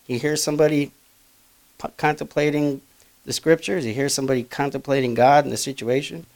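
A man preaching a sermon, reading old-style Bible verses aloud with loud emphatic rises and quieter asides. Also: medium pitch, steady tone, brisk, vocal fry.

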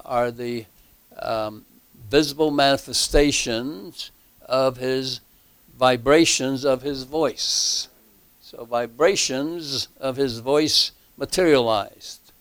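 Male Bible teacher, very slow halting delivery, smooth clear voice, dry close sound. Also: medium pitch, fairly bright tone, no room sound. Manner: slow, halting, many fillers and restarts; emphatic repetition.

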